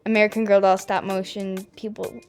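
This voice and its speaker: A young woman with a medium-pitched, darkish, fairly flat voice talks fairly quickly and casually while reacting to her own old videos over soft background music. She giggles, mocks herself, and says "like" a lot.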